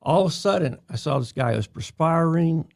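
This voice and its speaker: An older man from New York, a retired police officer, telling stories in a relaxed, casual podcast chat. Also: a little high, a little fast, vocal fry, no room sound, clean studio sound. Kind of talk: casual storytelling.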